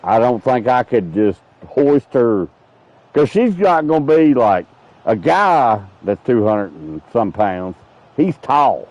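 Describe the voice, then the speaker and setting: A man's voice: medium pitch, very animated, slow, darkish tone, no echo, dull audio. A man streaming a game, telling rambling, profane stories in casual chat. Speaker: gaming streamer. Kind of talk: casual chat while playing.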